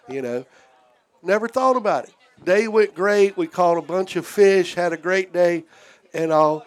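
A man's voice: high-pitched, unhurried. Man spinning a boat yarn. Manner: drawling storyteller acting out other voices. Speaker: former charter boat captain. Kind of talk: casual storytelling. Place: outdoor deck.

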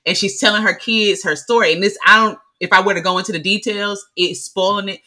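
Bright, animated woman co-hosting a podcast. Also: mid-range voice, brisk. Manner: animated, swearing, loud exclamations. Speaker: podcast co-host. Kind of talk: casual chat.

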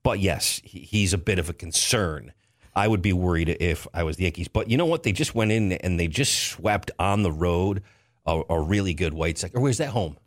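Man, low voice, animated sports chat, pitch jumps, quick asides. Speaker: sports talk host.

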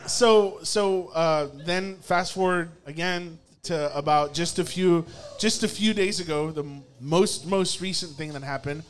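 A young man tells a funny story in a casual, chatty way. His voice sits a little high. He swears freely, laughs a lot and trips over his own restarts. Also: moderate pace. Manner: animated, swearing, laughing often, many restarts.

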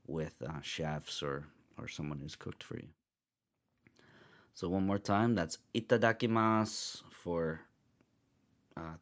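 A man hosting a podcast, giving a spoken language lesson and patiently repeating each phrase slowly several times. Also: low voice. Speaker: podcast host teaching travel phrases.

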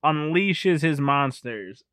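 A man's voice: fairly high pitch, expressive, slow pace, fairly bright tone, clear, resonant tone, no echo. A man in casual, profane chat, rambling through a movie recap and laughing often. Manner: rambling, laughs often, keeps saying anyway.

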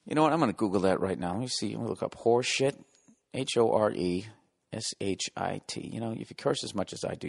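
A male podcast host in the middle of a casual comedic monologue. He rambles and swears, drifting between sarcastic asides. His mid-pitched voice carries a long echoing reverb.

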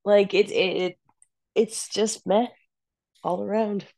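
A woman co-hosting a podcast, giving frank, animated opinions in casual chat. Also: mid-range voice, slow, gravelly, no echo, studio quality. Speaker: podcast co-host.

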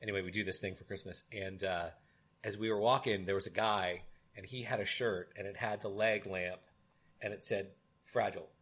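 Low-voiced rambling podcast guy. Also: fairly quick, breathy edge. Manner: animated storyteller, retells movie scenes with voices; rambling, many "um"s. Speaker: podcast co-host. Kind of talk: casual chat.

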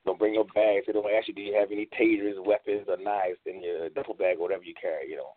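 A man co-hosting a casual online radio talk show, telling a rambling story and breaking into high laughs. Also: fairly even intonation, fast, no echo. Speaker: co-host. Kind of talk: casual panel chat. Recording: tinny phone-like online call.

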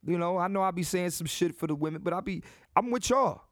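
A man in his thirties hosting a comedic solo podcast, brash and animated, with lots of restarts and repetition. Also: high voice, fast talker, no echo, studio quality. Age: 30s. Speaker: podcast host.

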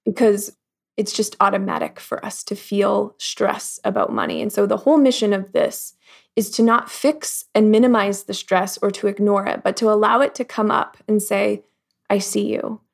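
A woman guest in a casual interview, talking reflectively with lots of "like" fillers and acting out the thoughts she quotes in lively voices. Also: mid-range voice, moderate pace, gravelly. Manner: frequent "like" fillers. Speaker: podcast guest.

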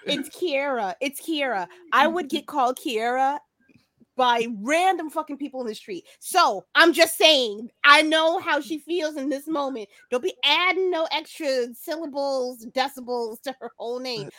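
A woman's voice: high-pitched, a little slow, sharp tone, no echo, clean studio sound. A woman co-hosting a podcast, blunt, profane and teasing in casual chat. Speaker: podcast co-host.

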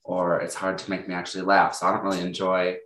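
A man's voice: low-pitched, fast talker. A young man talking easily about his humor, laughing often. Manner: laid-back, laughs often, lively. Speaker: podcast guest, son of the host. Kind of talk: casual family chat. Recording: roomy echo.

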